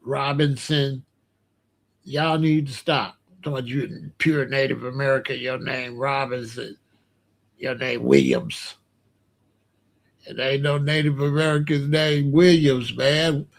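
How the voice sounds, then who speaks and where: A middle-aged man with a slightly high voice rants bluntly and profanely in casual commentary. He repeats himself and brushes other people off.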